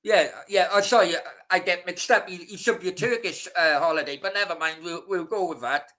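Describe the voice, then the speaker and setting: A man's voice: sits high, a little fast, bright, forceful tone. A man hosting a casual live stream, rambling, swearing freely and talking straight to his chat. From Wales.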